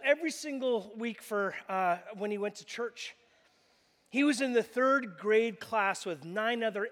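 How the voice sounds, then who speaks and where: A man preaching an animated, jokey sermon and telling a story to the congregation. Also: very high-pitched, in a large hall. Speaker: pastor.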